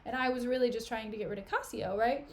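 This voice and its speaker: A woman doing a scheming man who speaks in an offhand, slangy way. The tone stays casual and modern, and the voice sits fairly high. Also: fairly even intonation, quick pace, a little hiss or hum, close to an everyday voice. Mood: alarmed.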